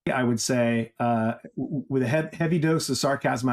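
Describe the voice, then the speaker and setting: A man's voice: mid-range voice, normal speed. Male industry analyst, conversational and emphatic. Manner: conversational and emphatic, sarcastic at times, many fillers. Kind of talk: interview answers.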